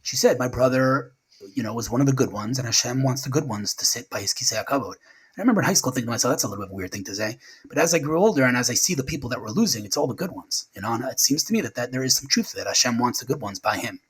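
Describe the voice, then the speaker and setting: Middle-aged guy, husky low voice, talks fast and stumbles over words. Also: animated, rough recording. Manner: halting, repeats words, speaks quickly. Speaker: guest. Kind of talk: emotional remembrance interview.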